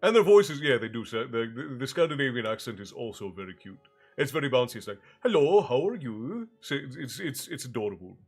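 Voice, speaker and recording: An animated, fast-talking man with a medium pitch and vocal fry hosts a livestream story hour while congested and low on breath. He chats loosely with his live chat, greeting people by name and cutting off mid-phrase, then reads aloud from a fantasy novel. Soft music runs underneath.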